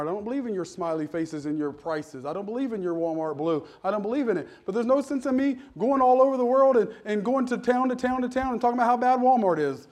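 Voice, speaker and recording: A man preaching a sermon from the pulpit, his voice sitting noticeably high for a man. He talks like he's telling stories to friends, jokes with the congregation, and now and then climbs into loud, emphatic bursts. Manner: conversational storytelling preaching with sudden loud emphatic peaks. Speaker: pastor.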